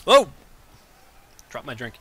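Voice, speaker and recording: A man doing casual play-by-play commentary on a wrestling video game, excitable and quick to laugh. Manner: excitable, laughs often, stumbles over numbers.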